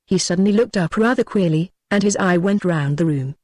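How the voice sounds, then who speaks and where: A man narrating a classic ghost story as an audiobook, in a measured, even reading. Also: sits high, no room sound, clean studio sound.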